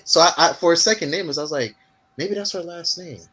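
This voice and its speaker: A man from Ghana telling funny stories in casual chat, animated and laughing often. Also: fairly high pitch, fast.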